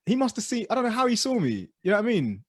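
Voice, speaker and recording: Animated man telling stories. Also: racing, breathy edge, dry recording, clean studio sound. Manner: animated storyteller, drops low and quiet for asides. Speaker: podcast co-host. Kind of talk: casual storytelling chat.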